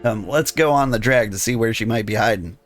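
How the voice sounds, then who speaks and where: A man voicing a sly male rogue, talking in rough thieves' slang. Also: lowish voice, fairly quick, soft background music, lightly acted. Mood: suspicious. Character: gruff male rogue guild member, sly and streetwise. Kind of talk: reading game dialogue aloud.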